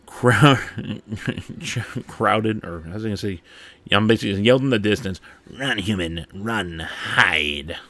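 A man hosting a podcast, reading a game blog post aloud and breaking off to laugh and comment excitedly. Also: mid-range voice, dry recording. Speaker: podcast host.

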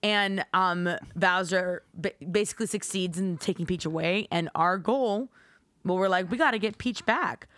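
A woman's voice: on the low side, moderate pace, a bit bright, no room sound. Bubbly woman podcast co-host. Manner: bubbly, laughs often, playful sound effects. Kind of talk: casual chat.

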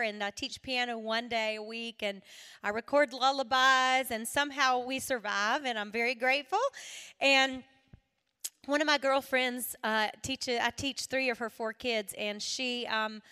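Southern woman speaker, high bright voice, animated testimony, quick laughs, loud then hushed. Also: smooth. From South Carolina, USA. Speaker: singer and speaker at a women's event. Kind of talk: testimony talk to a live audience.

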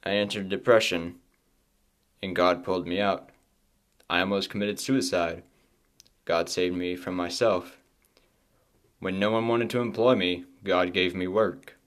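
A man hosting his own podcast, sharing a personal faith testimony in a halting, emotional way with many restarts, close to tears. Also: low-pitched, steady tone, fairly bright tone. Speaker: podcast host.

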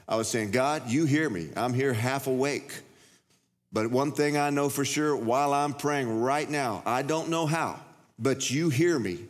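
A middle-aged pastor preaches in a large church, his voice trailing off in a long hall reverb. He tells stories and acts out the voices in them, his pitch sitting in the ordinary middle range for a man. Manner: storytelling, acts out voices and shouts. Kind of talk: sermon.

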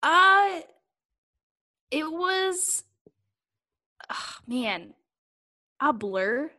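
A woman's voice: high-pitched, big pitch swings, extremely slow, bright, forceful tone. Giggly young woman, candid and rambling. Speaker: guest. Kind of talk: casual conversation.

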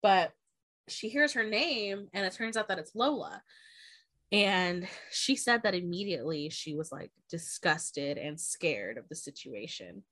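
Woman podcast co-host, lowish pitch, dry close mic, chatty plot recap with plenty of swearing. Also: lively intonation, unhurried, a bit bright, no echo. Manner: retells the plot, swears a lot. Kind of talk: casual book-club chat.

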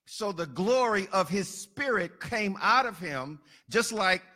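A man's voice: high-pitched, expressive, takes it slowly, pushed and bright. A man preaching a sermon, building emphasis through repetition and dropping into casual asides. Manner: colloquial asides.

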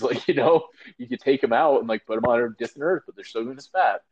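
A man's voice: mid-range voice, fast, muffled recording. A man co-hosting a casual chat, rambling with many fillers and acting out quotes. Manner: rambling, lots of fillers and acted-out quotes, laughing. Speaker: podcast co-host.

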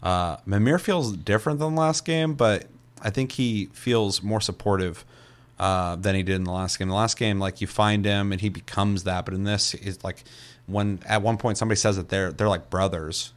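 A young man chatting casually as a podcast co-host, loose and profane, rambling with lots of fillers. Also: sits low. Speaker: podcast co-host reviewing a video game. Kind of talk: casual chat.

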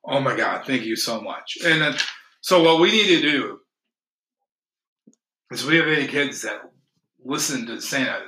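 Name: podcast host. Sex: man. Style: casual storytelling chat, animated and laughing. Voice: bright. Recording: echoey room. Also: medium pitch, measured pace, long pauses. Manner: animated, laughing, acts out quotes.

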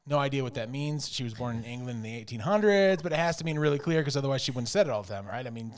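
A man's voice: medium pitch, expressive, rapid-fire, hardly any pauses. A man co-hosting a casual money podcast, rambling and chuckling as he talks. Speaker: podcast co-host.

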